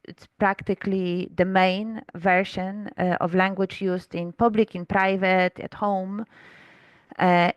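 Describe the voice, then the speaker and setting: A Polish-born guest author speaks English in a reflective conversational interview, working through her thoughts slowly and hesitantly with many fillers. Her medium-pitched voice is smooth and resonant. The recording is dry and dull, with no room sound.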